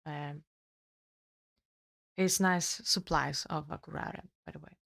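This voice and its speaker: Female co-host, low voice, halting plot recap. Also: fairly even intonation, gravelly, a bit bright. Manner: halting, many ums and restarts. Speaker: book reviewer co-host. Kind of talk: casual chat, retelling a plot.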